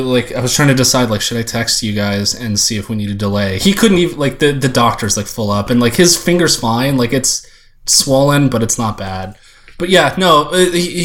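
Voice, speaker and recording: A man's voice: mid-range voice, a bit bright. A man co-hosting a podcast in casual chat, rambling with lots of filler words. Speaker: podcast co-host.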